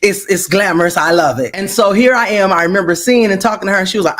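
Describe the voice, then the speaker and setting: A woman from California, animated and talkative, giving a heartfelt tribute to a friend on a podcast. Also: fairly low pitch, quick pace, hardly any pauses. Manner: animated, self-described extrovert. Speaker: guest friend.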